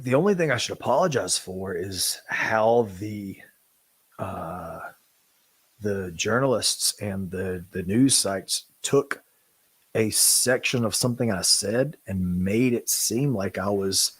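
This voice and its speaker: A man giving an earnest, apologetic statement on a podcast, halting often and restarting his sentences. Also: fairly low pitch, slightly rough, no echo. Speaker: podcast co-host.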